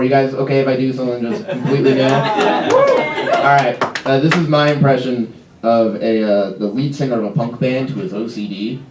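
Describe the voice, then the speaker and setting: A young man doing a self-deprecating stand-up routine on a comedy club stage, with quick asides and stumbling restarts, heard from a distance over audience laughter. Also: mid-range voice, echoey room, very noisy.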